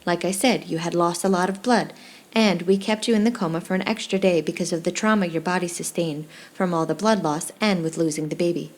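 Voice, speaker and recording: A woman voicing a male doctor who talks in a measured, formal, apologetic way. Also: on the low side, lightly acted. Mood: calm.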